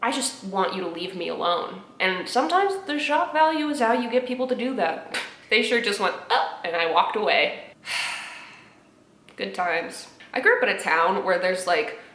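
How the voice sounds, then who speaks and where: A young woman at home, reacting to memes with sarcastic, animated commentary, laughing often and dropping into muttered asides. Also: medium pitch, moderate pace, roomy sound. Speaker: video creator reacting to memes. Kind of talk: casual commentary vlog. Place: home apartment.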